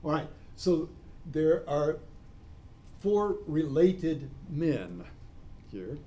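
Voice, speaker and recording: Mellow-voiced man giving a discursive lecture. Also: fairly high pitch, sing-song, very slow. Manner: discursive, spells out terms letter by letter. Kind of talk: classroom lecture.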